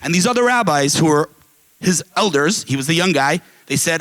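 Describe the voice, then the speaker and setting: A man giving an impassioned speech to a live audience at an event, telling stories and asking rhetorical questions in a casual, animated way. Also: on the high side, moderate pace, low-quality recording. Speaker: guest speaker at an advocacy event. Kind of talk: impassioned public speech with storytelling.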